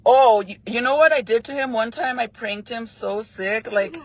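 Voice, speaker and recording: A woman's voice: on the high side, moderate pace. A young woman chatting casually while doing her makeup, swearing freely and laughing often. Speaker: vlogger.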